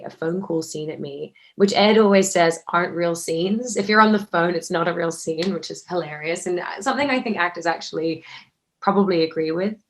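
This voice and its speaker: A woman, an actor answering questions casually, chatty with lots of fillers and restarts. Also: lowish voice. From Australia. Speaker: actor, interview guest.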